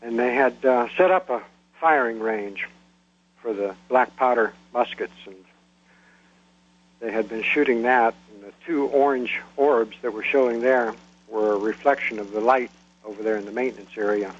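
A man calls in to a radio show and tells his story plainly, with small halts. His voice is husky. The call sounds dull and lo-fi. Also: mid-range voice, moderate pace. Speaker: caller. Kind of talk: phone-in storytelling.

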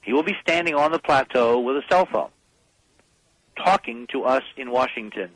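A man's voice: medium pitch, expressive, normal speed, a bit bright, no echo, rough recording. A man as a radio interview guest, talking in an emphatic, speechifying way.

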